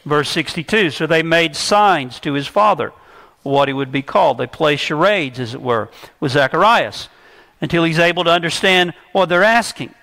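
A male preacher with a high voice works through scripture verse by verse. His tone is bright and forceful, and he leans hard on the words he wants to land. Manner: emphatic, stresses key words. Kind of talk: expository sermon. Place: church service.

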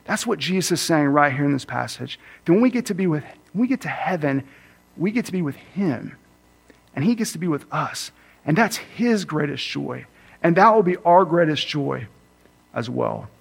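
A man in his thirties preaching a sermon, earnest, slowing and speeding up for emphasis. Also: expressive, vocal fry, husky. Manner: earnest, varies pace for emphasis, acts out his kids with a higher voice. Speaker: campus minister preaching.

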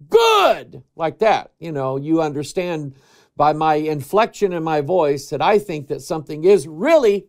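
A man with a fairly high voice delivers a conversational sermon. He reads scripture aloud and unpacks it earnestly, pressing hard on key words and then dropping to a hushed, reverent tone. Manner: earnest, shifts between loud emphasis and hushed reverence. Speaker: preacher.

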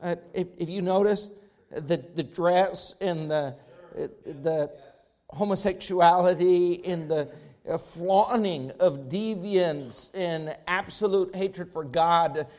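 A man's voice: high-pitched, slow pace, a little mellow. A man pastor preaching a sermon, with emphatic rising bursts, repeated phrases.

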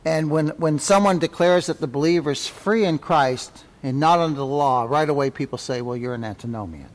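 A man teaching a Sunday school Bible class, folksy and conversational, often repeating his points and asking "right?" His voice sits a little high for a man. Long reverb from the church hall trails each phrase. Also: moderate pace.

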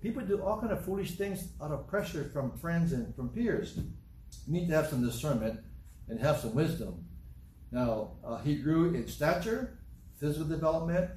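An older man preaches a sermon, spinning stories and repeating his points with humorous asides. His voice sits a little high and is caught from some distance in an echoey church hall with a faint murmur of room noise. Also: darkish tone. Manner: storytelling, repetitive, humorous asides.

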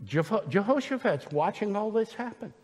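A man's voice: high-pitched, animated, normal speed, darkish tone, long reverb tail. A man preaching a sermon, emphatic and retelling scripture scenes with voices.

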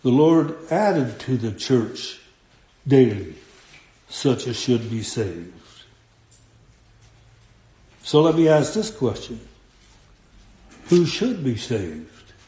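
A man preaching a sermon, slow and deliberate, quoting scripture in old-fashioned phrasing. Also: mid-range voice, lively intonation, warm tone, echoey room.

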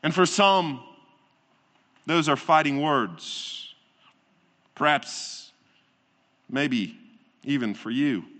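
A pastor delivering a sermon in a deliberate, emphatic way, repeating phrases and asking rhetorical questions. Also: male voice, on the high side, animated, fairly bright tone. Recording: long reverb of a large hall.

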